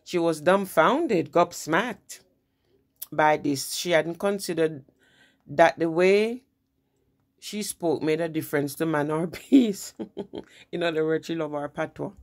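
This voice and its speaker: Taking it slowly in a low voice, a woman presents an informal history lesson in a conversational style, frequently restarting phrases and dropping in "you know."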